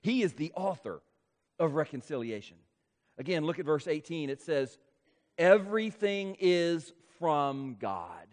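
Man, pastor, emphatic sermon delivery, high-pitched voice, long hall echo. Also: big pitch swings, darkish tone. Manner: emphatic, slows and rises for key points. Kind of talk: expository sermon.

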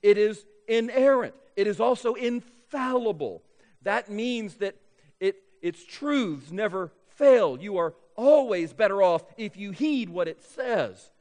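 A man's voice: high-pitched, lively intonation, darkish tone. A man preaching a sermon as pastor, leaning hard on key words and drawing them out. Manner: emphatic, drawn-out key words. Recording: long reverb of a large hall.

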